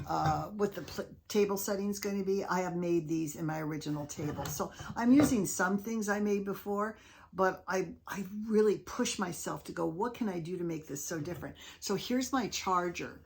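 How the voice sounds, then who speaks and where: A woman hosting a casual crafting vlog, chatty and enthusiastic as she shows off her handmade pieces. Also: fairly low pitch. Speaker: craft video host.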